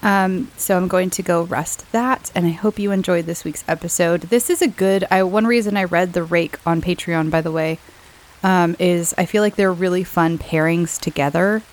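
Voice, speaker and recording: Podcast host, woman, lowish voice, slightly hoarse from a cold, rambling and chatty with easy laughs. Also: rough recording. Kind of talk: casual chat to listeners.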